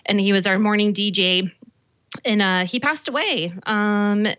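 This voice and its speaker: A woman's voice: medium pitch, a little slow, fairly bright tone, clean tone, no room sound, muffled recording. A woman in her forties from Colorado, co-hosting a show in casual chat, talking chattily with many fillers. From Colorado, USA. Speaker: show co-host.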